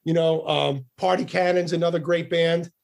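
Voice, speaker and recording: A man's voice: a little high, flat delivery, normal speed, creaky, darkish tone, slight background noise. A middle-aged man, a guest musician on a casual podcast interview, talking in a profane, rambling way with frequent repeated words.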